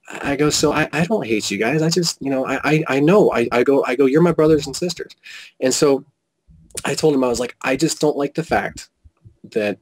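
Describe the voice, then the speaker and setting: A man telling a personal story as an interview guest, animated and quoting whole conversations with frequent restarts. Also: mid-range voice, poor audio. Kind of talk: casual storytelling.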